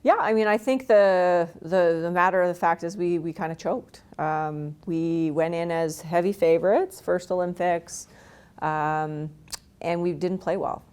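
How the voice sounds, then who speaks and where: A woman's voice: fairly low pitch, steady tone, unhurried, a little mellow, clean tone. A woman in her forties from Canada, a retired hockey player telling stories frankly and laughing at herself in an interview. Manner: frank, self-deprecating, laughs often. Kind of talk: candid interview storytelling.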